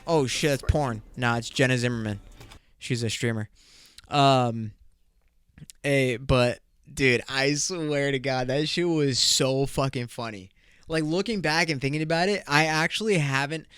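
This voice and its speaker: Young male solo podcast host, crude and rambling, with a smooth, slightly high voice and a dry close-mic sound. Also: fairly bright tone, no room sound. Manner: crude, rambling, laughs often, swears freely. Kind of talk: casual solo podcast storytelling.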